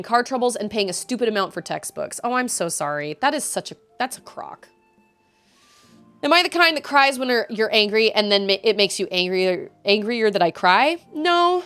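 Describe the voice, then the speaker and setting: Lively-pitched woman venting on a stream. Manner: venting, rambling with frequent restarts. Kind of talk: casual chat while gaming.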